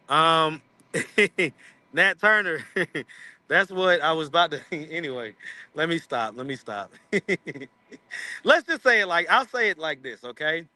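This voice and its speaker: A man's voice: a little high, pushed and bright, dry recording. A man hosting a casual livestream chat, rambling and teasing his viewers. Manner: rambling, teasing, laughs often. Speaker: street interview channel host.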